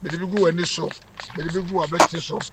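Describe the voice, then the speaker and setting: A man's voice: fairly high pitch, flat delivery, quick pace. A man leading a healing service, praying fervently and having people repeat his words. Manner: fervent, commanding, leads repeat-after-me prayers. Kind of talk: healing prayer and call-and-response. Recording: background noise.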